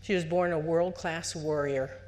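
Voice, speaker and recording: A woman psychologist giving a lecture to parents at a conference, lively and conversational, putting on the voices of parents and children and asking the audience questions. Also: low voice, unhurried, a little hiss or hum. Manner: asks the audience direct questions.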